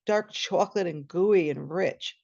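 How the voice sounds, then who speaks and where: A woman's voice: on the low side, unhurried, creaky, a little mellow. A woman voicing her matter-of-fact adult friend, over muffled video-call audio. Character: the teller's friend, plain-spoken adult woman.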